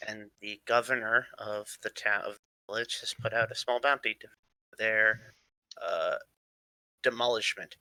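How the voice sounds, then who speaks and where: A young man running a tabletop game as game master, relaxed and self-deprecating, thinking aloud as he goes. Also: fairly low pitch, measured pace, no room sound, low-quality recording.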